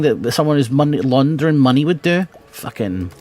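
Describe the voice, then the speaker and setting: Brief: chatty British male streamer, sweary, mid-pitched, mutters then bursts out. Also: a little fast, a little hiss or hum. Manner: chatty, sweary, swings from mumbling to excited. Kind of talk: casual gameplay chat.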